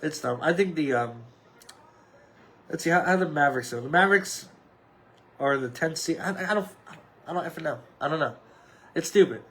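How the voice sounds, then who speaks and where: Solo podcast host, thirties, male, higher register, offhand and rambling with lots of fillers. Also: normal speed, pauses often, bright, forceful tone. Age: 30s. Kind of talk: casual solo sports chat.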